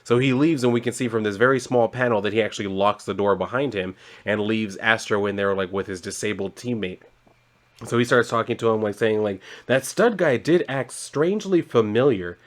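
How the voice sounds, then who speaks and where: A man's voice: on the low side, fairly even intonation, a little fast. A man casually recapping a comic book, loose and rambling, full of fillers and laughs. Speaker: comic reviewer.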